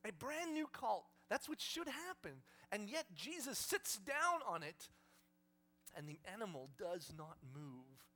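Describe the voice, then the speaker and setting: A man's voice: high voice, sing-song, a little slow, bright, forceful tone. A male pastor preaching a sermon to a congregation, telling stories with humor and animation.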